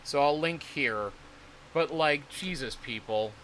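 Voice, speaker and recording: A man's voice: a little high, slow pace, a bit bright, slight background noise. A man streaming casually about crypto, rambling and swearing in exasperation. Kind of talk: casual livestream talk.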